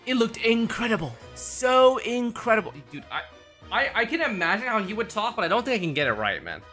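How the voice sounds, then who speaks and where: A man's voice: high voice, huge pitch swings, fast talker, bright, forceful tone, soft background music. A young man streaming a game, rambling casually to his chat with swearing and restarts.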